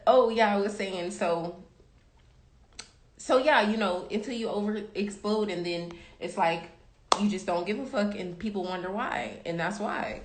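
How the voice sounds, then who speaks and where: A young adult woman hosting a tarot reading livestream, chatting casually and emphatically to her viewers, calling them baby and y'all. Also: lowish voice. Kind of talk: casual motivational chat to live viewers. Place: room at home. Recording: roomy echo.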